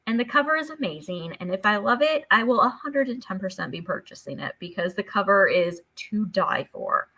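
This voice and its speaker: Book-chat co-host, woman, bright voice, casual and chatty, fills with "like". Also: medium pitch, animated, a little fast, few pauses, husky. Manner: chatty, many "like" fillers.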